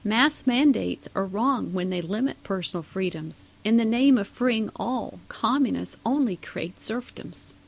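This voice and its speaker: A woman's voice: mid-range voice, expressive, a little slow, vocal fry, few pauses. A woman voicing good hillbilly parents giving rousing, preachy advice in rhyme.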